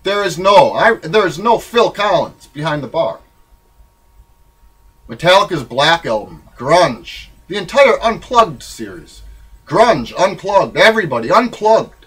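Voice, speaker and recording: A man with a husky, fairly high voice reads his own memoir aloud. His delivery is wry, irreverent and rambling, and he swings between loud bursts and low mutters. It sounds like spoken-word storytelling. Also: very animated, unhurried, low-quality recording.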